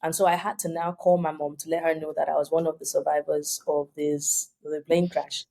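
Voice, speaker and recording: A woman's voice: low voice, flat delivery, a little fast, vocal fry, warm tone. A woman in her thirties with a Nigerian accent, telling her story animatedly as a podcast guest and acting out the voices she quotes. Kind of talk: storytelling in an interview.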